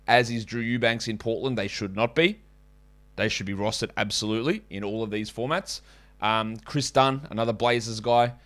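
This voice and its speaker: A man hosting a fantasy basketball podcast, talking casually with quick asides and self-corrections. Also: medium pitch, a bit bright. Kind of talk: casual podcast talk with ad reads.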